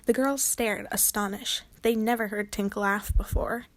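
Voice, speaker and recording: A woman narrating a children's book aloud in a clear, expressive storytelling voice. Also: mid-range voice, measured pace, dry recording.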